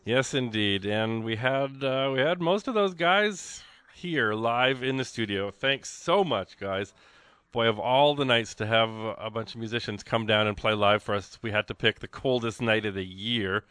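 A man hosting a radio fund drive show, chatty and rambling, with excited exclamations and lots of fillers. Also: medium pitch, unhurried, clean tone, no room sound. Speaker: radio host. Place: radio studio.

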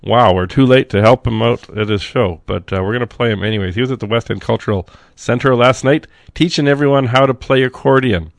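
A man's voice: medium pitch, fairly quick, vocal fry, few pauses, no room sound. A male radio host, sick and coughing now and then, chatting casually and rambling with dry jokes between songs.

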